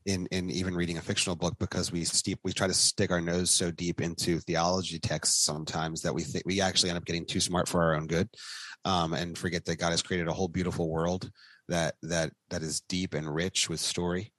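Low-voiced man chatting on a podcast. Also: flat delivery, fairly quick, fairly bright tone, dry recording. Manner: rambling, restarts, faith-focused book talk. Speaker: podcast co-host. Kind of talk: casual chat.

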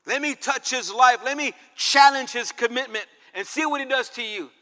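A man's voice: extremely high pitch, normal speed, sharp tone. A man preaching who voices Satan as a sly bargainer, in a long reverberant hall. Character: scheming male Satan, bargaining.

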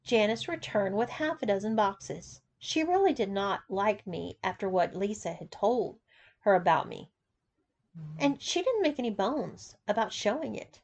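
A woman's voice: mid-range voice, sing-song, unhurried, creaky, darkish tone. A woman reading an erotic story aloud as narrator, telling it expressively.

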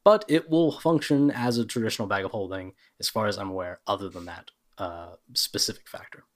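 Low-voiced man running a tabletop game. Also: fairly quick. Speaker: game master.

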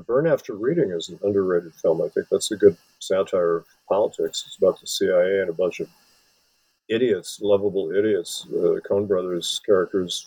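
A man's voice: low voice, warm tone, slightly rough, no echo, rough recording. A man from Wisconsin, an author and film scholar, giving long rambling interview answers full of restarts. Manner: rambling, many restarts and fillers.

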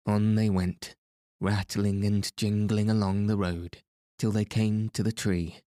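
A man reading a storybook aloud as narrator, in a measured, even way, close to the mic. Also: fairly low pitch, no room sound. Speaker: audiobook narrator.

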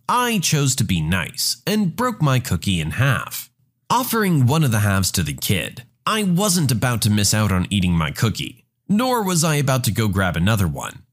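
A man narrating a submitted first-person story in a sarcastic, mocking storytelling manner. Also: mid-range voice.

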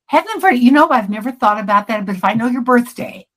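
A woman's voice: fairly high pitch, expressive, fast talker, fairly bright tone, rough recording. Chatty middle-aged woman psychic. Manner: chatty, self-interrupting, restarts sentences. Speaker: psychic guest. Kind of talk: casual interview chat.

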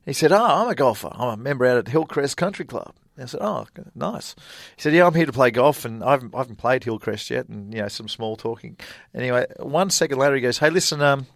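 A man's voice: mid-range voice, quick pace, gravelly, few pauses, dry recording, studio quality. A middle-aged Australian man, a golfer guest, telling stories in a casual interview, full of fillers and laughs. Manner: chatty anecdotal storyteller with frequent fillers and laughs.

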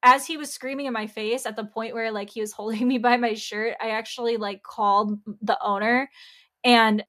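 A woman's voice: on the high side, steady tone, moderate pace, pushed and bright. A young woman podcast host telling a workplace story in a casual, chatty way, peppering it with "like" and acting out the back-and-forth. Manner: chatty, heavy use of "like", acts out quoted exchanges.

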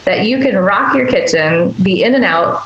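A woman's voice: medium pitch, animated, moderate pace, fairly bright tone, echoey room, lo-fi sound. A woman speaking as the guest doctor in a podcast interview, earnest and emphatic, sometimes acting out tender quoted asides.

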